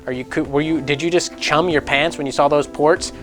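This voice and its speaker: A young man hosts a casual gaming news vlog in a voice sitting a touch high for a man. He is animated and sarcastic, swears without a second thought, and keeps slipping into mocking voices for others. A faint music bed plays underneath. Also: brisk. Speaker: gaming news channel host.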